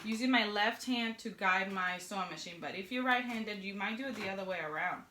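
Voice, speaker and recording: A woman's voice: medium pitch, brisk, heavy background noise. A young woman giving a casual sewing tutorial, chatting and joking with viewers as she works at her sewing machine. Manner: chatty, jokey asides to viewers while working. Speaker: sewing pattern instructor.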